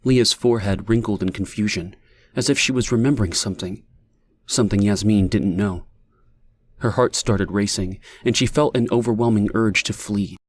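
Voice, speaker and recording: A man reading an audiobook in a measured, even manner, as the narrator. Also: lowish voice. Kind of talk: scripted narration.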